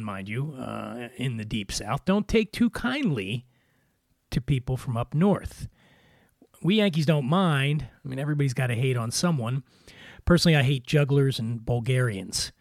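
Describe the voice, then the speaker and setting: A man from Philadelphia hosting a podcast, a little weary, delivering a wry scripted comic monologue in a deadpan way. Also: medium pitch, normal speed, vocal fry, dry recording, clean studio sound. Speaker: podcast host.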